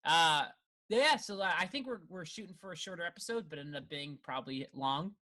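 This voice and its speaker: A man's voice: on the high side, animated, a little fast, bright, forceful tone. A young man co-hosting a film podcast in casual chat, laughing often and restarting his sentences. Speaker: podcast co-host.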